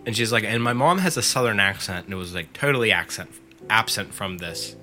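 A man's voice: lowish voice, lively intonation, fairly quick, pushed and bright, soft background music. A man casually retelling a scary story on a podcast, full of fillers and quoting the teller. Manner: filler-heavy, lots of "like", quotes the storyteller.

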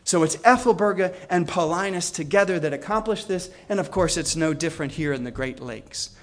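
A man lecturing on history, telling the story with energy and acting out the quoted lines. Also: brisk. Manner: storytelling, acts out quotes with shifts in pitch.

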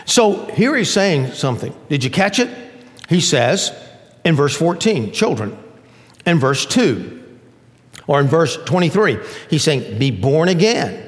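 An older male pastor delivers a sermon in a fairly high voice, talking to the congregation like a conversation. He acts out short quoted voices along the way. A long reverb trails his words through the large hall. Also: a little slow. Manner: conversational preaching with lively acted-out asides. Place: church sanctuary.

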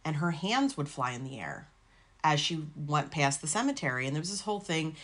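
A woman with a deep, low-pitched voice co-hosts a chatty podcast. She tells stories in a loose, rambling way, full of fillers and the odd swear word. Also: brisk. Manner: rambling, swears freely, animated retelling. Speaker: podcast co-host. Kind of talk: casual chat, storytelling.

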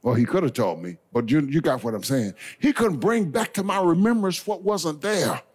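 An impassioned bishop, voice a little high, husky and swooping, preaches at a moderate pace to a congregation in a church sanctuary. The sermon runs on call-and-response, rising from gentle asides to shouted peaks, and he folksily calls everyone y'all and baby.

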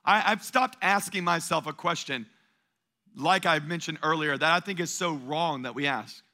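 A male pastor delivering an energetic sermon in a church, calling on the congregation to answer back. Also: fairly high pitch, moderate pace. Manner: call-and-response preaching, energetic and emphatic.

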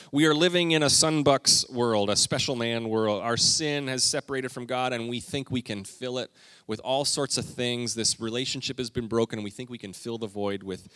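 A middle-aged man delivers a sermon in a church, moving between homey family anecdotes and scripture. He acts out quotes with animated shifts in voice. The sound is dry, with little room echo. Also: mid-range voice, moderate pace. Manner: storytelling, animated, acting out quotes. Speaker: pastor.

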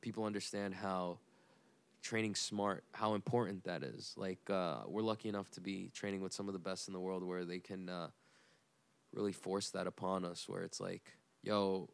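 Profane, low-voiced man chatting casually. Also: little pitch movement, moderate pace, creaky, clean tone. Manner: loose and profane, full of fillers. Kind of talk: casual chat.

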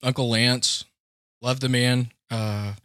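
A man from Tennessee chatting casually on a podcast, making goofy deadpan jokes and laughing easily. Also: mid-range voice, takes it slowly, dry recording, studio quality. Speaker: comedian guest.

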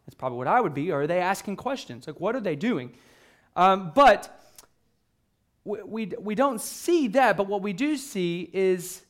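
A pastor with a high voice delivers a loose, conversational sermon, frequently restarting sentences and leaning on fillers. At times he acts out an excited exchange, voicing the disciples' eager questions.

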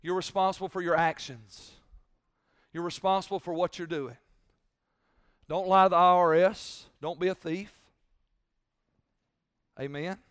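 A man preaching as a pastor, driving points home with repeated phrases and loud, rising emphasis. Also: high-pitched, little pitch movement, normal speed, long pauses, clear, resonant tone, dry recording, studio quality. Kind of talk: sermon.

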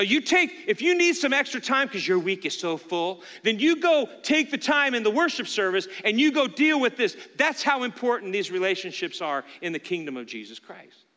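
A man with a high, ringing voice preaches a sermon, talking to his congregation in an earnest, conversational way. His voice carries through a church sanctuary with a long, trailing reverb. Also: bright, forceful tone. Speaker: pastor.

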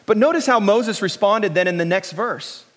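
A man's voice: high-pitched, normal speed, fairly bright tone. Chatty man preaching in a big hall. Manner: conversational and joking, many restarts and fillers. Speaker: pastor. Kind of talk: sermon.

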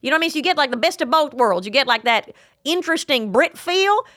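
A woman hosting a podcast in casual chat, blunt and teasing, swearing freely. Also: sits high. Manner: lively, quick talker with many fillers. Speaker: podcast host.

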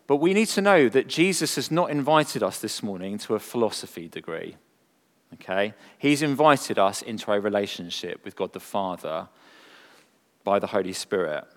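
Earnest preacher in a reverberant hall. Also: male voice, lowish voice, sing-song, moderate pace. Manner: earnest, rhetorical questions, swings from emphatic to hushed. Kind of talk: sermon.

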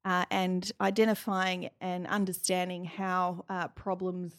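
Lowish voiced woman being interviewed, lots of ums and restarts. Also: little pitch movement, a bit bright, smooth. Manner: halting, many fillers and restarts. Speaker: guest, industry chief executive. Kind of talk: casual interview talk. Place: office.

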